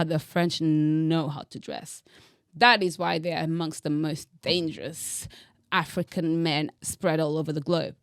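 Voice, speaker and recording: A woman's voice: on the low side, unhurried, no room sound, studio quality. Bold, teasing young woman vlogger. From Angola. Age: young adult. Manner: bold, teasing, dramatic emphasis. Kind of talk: opinionated direct-to-camera monologue.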